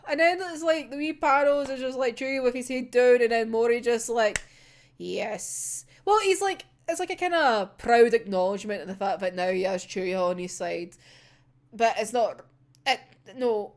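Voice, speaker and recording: A woman's voice: on the high side, expressive, a little slow. A young woman chatting casually as a manga reaction vlogger, sweary and dramatic, laughing often and rambling with fillers. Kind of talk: casual chat.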